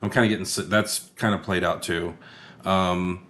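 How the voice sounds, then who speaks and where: A man's voice: sits low, fairly even intonation, normal speed, fairly bright tone. A man co-hosting a casual movie-review podcast. He is laid-back and tired late at night, swears freely, and often trails off mid-thought. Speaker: podcast co-host.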